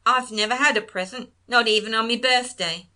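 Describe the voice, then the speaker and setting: A man's voice: very high-pitched, a little fast, bright, forceful tone, pitched above the performer's own voice, heavily acted. A woman voicing a lanky, friendly young man who talks in blunt, casual slang. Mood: wistful.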